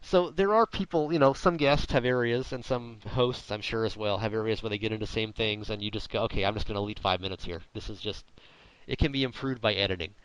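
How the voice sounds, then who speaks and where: A man hosting a podcast in casual chat, droll and sarcastic with a deadpan wit and rambling asides. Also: fairly low pitch, quick pace, smooth, low-quality recording. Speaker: podcast host.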